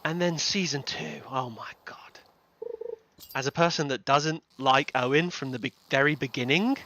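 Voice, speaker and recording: A man's voice: fairly high pitch, normal speed, sharp tone, slight background noise. A young man streaming a farming game, ranting animatedly and swearing in casual chat. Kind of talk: casual livestream chat while gaming.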